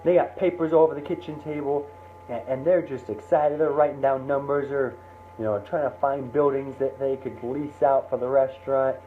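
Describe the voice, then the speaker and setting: A man's voice: medium pitch, fairly even intonation, moderate pace. A man telling a casual spoken story in a rambling way with many fillers and restarts. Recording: tinny phone-like line with faint hiss.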